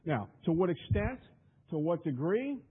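Brief: a high-voiced, husky male preacher delivering an emphatic, repetitive sermon over a tinny radio line. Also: big pitch swings, measured pace. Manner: emphatic, repetitive, stumbling restarts.

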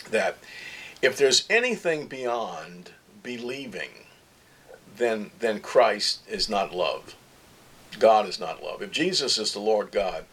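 A man's voice: medium pitch, a bit bright, slightly rough. A man preaching a sermon, emphatic and repetitive, asking rhetorical questions and often restarting his sentences.

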